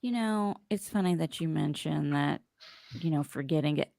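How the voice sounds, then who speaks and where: A woman's voice: deep voice, moderate pace, vocal fry, dark tone, no echo, studio quality. Chatty woman podcast host. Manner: rambling and chatty, with many fillers. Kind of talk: casual chat.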